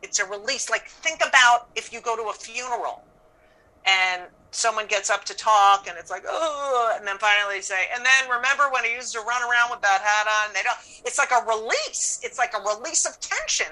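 A woman's voice: on the high side, animated, normal speed, bright, forceful tone, low-quality recording. A woman comedian telling stories in casual chat, blunt and profane, acting out what people said. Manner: blunt, profane, storytelling with acted-out quotes. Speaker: comedian guest.

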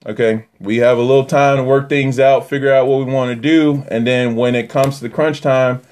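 A man giving a casual, animated Torah teaching that swings from near-yelling to quiet asides. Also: brisk. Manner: animated, rising to near-yelling then dropping low.

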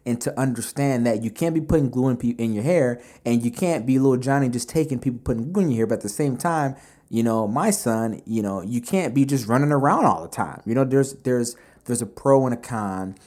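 Guy doing a business talk, warm low-key tone, chatty storyteller, lots of "you know". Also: quick pace. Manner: animated storyteller, conversational with many fillers. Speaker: business podcast host. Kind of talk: casual motivational talk.

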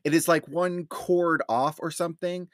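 A man's voice: on the high side, fairly even intonation, normal speed, no room sound, studio quality. A man co-hosting a casual podcast, joking loosely about a bad movie, full of fillers and swearing. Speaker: podcast co-host. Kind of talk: casual movie-riffing chat.

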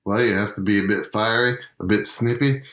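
A man's voice: fairly low pitch, brisk, fairly bright tone, echoey room. A man co-hosting a podcast in casual chat, joking in a laid-back way and chuckling. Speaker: podcast co-host.

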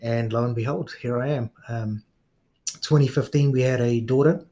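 Man, New Zealand accent, middle-aged, relaxed interview guest, laughs easily. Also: medium pitch, moderate pace. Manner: relaxed storyteller, frequent fillers and laughs. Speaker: guest police officer. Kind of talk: casual interview chat.

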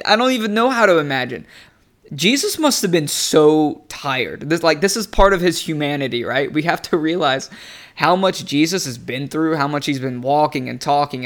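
A man giving a casual devotional teaching, talking in an animated, conversational way and laughing often. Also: fairly high pitch. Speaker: preacher.

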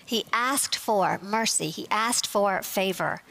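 A woman leads a Bible lesson, walking her listeners through a psalm verse by verse. She explains carefully and reads the scripture passages aloud at an even, unhurried pace, in a voice of middling pitch for a woman. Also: creaky. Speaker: Bible teacher. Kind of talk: Bible teaching.

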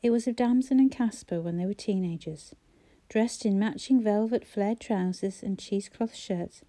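Woman audiobook narrator, measured and even; dark, mellow timbre. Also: mid-range voice. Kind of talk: scripted narration of a novel.

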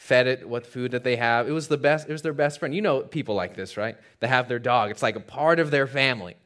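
A man preaching a sermon in a church, telling a story with dramatic swings from loud to hushed and joking asides to the congregation. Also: mid-range voice, a little fast. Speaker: pastor.

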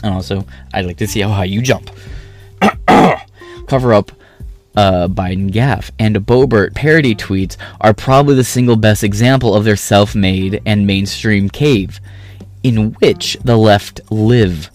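Man, lowish voice, sarcastic profane commentary, reading articles aloud, faint music behind. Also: measured pace, darkish tone. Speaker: political commentary streamer.

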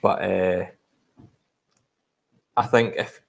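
A man's voice: deep voice, steady tone, very slow, gravelly. A Scottish man co-hosting a podcast, chatting casually about football in a rambling, hesitant way with lots of fillers. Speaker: podcast co-host.

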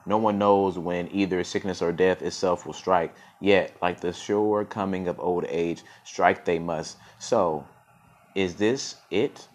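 Man reading a storybook aloud, low voice, slow pace, stumbling and restarting often. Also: steady tone. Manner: stumbling reading with frequent restarts and self-corrections. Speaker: podcast storyteller.

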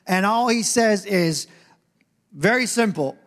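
In a church sanctuary with long hall reverb, a male pastor gives a conversational, joking sermon. His very high voice is expressive and fairly quick, and he acts out quoted voices.

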